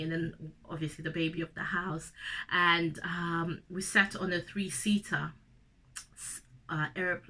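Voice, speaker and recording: A woman's voice: fairly low pitch, bright, forceful tone. A young woman from Zimbabwe with a cold, telling a personal story to camera in a chatty, emotional way. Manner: chatty and emotional, addresses viewer directly. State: has a cold. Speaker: vlogger.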